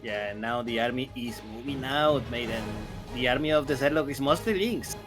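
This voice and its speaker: A male esports co-caster with a mid-pitched voice, often stumbling over his first words before finding them. He is jokey and says "mate" a lot, with faint music in the background. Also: normal speed. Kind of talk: live game commentary.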